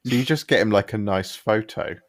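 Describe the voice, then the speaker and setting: A man's voice: on the low side, fairly quick. A man co-hosting a casual podcast chat, telling stories with amused asides. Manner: amused storyteller, mimics audiobook voices. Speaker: podcast co-host.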